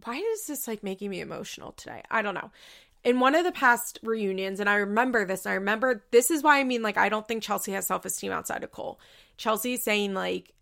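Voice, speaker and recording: A young woman talks through a reality show recap in loose, rambling casual chat, peppering her sentences with "like" and restarting her thoughts. Her voice sits at a middle pitch with a strong vocal fry, and she comes across as openly emotional and quick to laugh. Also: a bit bright. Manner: chatty, rambling, full of "like" and self-corrections.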